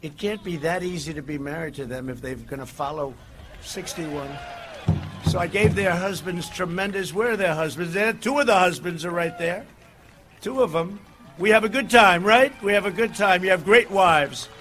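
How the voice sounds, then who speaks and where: A man giving a campaign rally speech outdoors, rambling and digressive, swinging between shouted lines and low asides. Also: moderate pace. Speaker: political candidate at a rally.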